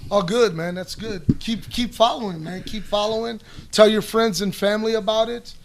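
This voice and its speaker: A man's voice: high-pitched, steady tone, normal speed. A middle-aged man in a casual podcast chat, telling rambling stories with swearing, restarts and fillers. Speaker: podcast guest answering listener questions.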